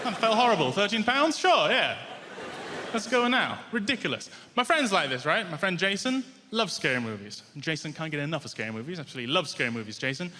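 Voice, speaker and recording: Man, animated stand-up rant, high lively pitch, faint noise. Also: brisk. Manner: animated, exasperated ranting. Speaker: stand-up comedian. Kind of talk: stand-up routine. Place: large theatre stage. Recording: live theatre with reverb.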